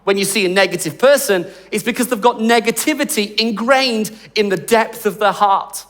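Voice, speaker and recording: A man preaching a sermon in an animated, conversational, jokey way. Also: high-pitched, normal speed, in a large hall. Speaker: pastor.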